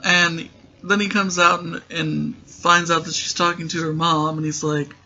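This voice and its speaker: Male recapper, sarcastic and rambling, bright voice on a muffled lo-fi recording. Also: a little high, flat delivery, unhurried. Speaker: show recap host. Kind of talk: casual comedic TV recap. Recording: dull lo-fi recording.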